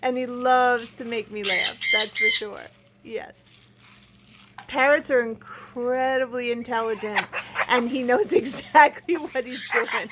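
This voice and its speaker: A woman's voice: fairly high pitch, measured pace. A woman chatting and laughing with her parrots in affectionate baby talk, filming them for a vlog. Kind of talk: casual vlog talking to parrots. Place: bird room full of squawking parrots. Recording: loud bird noise behind.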